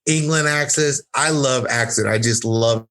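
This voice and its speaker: A brash man rambling through a casual podcast chat. His voice sits at an ordinary middle pitch, and he swears freely while piling up fillers. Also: measured pace, fairly bright tone. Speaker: podcast guest, fight coach.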